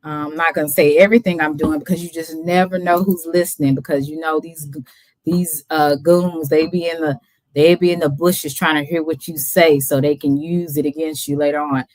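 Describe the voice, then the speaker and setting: Laid-back woman streamer, low voice. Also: fairly even intonation, a little fast, a little mellow, no room sound. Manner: laid-back, chatty, laughs often. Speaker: livestream host. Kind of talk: casual livestream chat.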